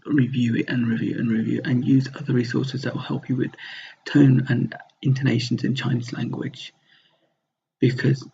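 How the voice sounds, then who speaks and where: Gravelly husky male language teacher. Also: mid-range voice, warm tone. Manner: explains step by step, repeats words to model pronunciation. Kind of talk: recorded slide lesson. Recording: dull lo-fi sound.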